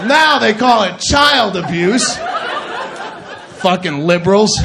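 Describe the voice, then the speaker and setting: A male stand-up comedian doing a shouted, mock-nostalgic rant on stage, recorded live in a comedy club. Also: high voice, animated, slow pace, gravelly, very noisy. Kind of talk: stand-up routine. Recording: live club set with crowd laughter.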